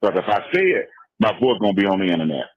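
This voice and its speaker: A man's voice: fairly low pitch, very animated, quick pace, muffled recording, slight background noise. A man calling in, complaining defensively in casual phone talk.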